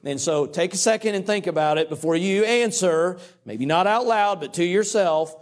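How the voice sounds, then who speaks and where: A middle-aged man, a pastor and coach preaching a sermon through a personal story in a conversational, animated way. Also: sits high, normal speed. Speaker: pastor and cross-country coach.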